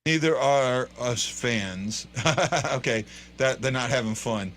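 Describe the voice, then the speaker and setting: Excitable rambling man hosting a fan show. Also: mid-range voice, slow. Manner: excitable, rambling, frequent restarts and fillers. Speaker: fan podcast host. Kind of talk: casual live hockey commentary.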